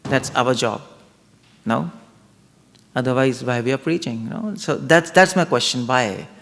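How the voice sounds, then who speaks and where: Male spiritual lecturer, gravelly, Socratic questioning style, recorded in a reverberant temple hall. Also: mid-range voice, unhurried, a bit bright. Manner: questioning, reasoning aloud, asks the audience.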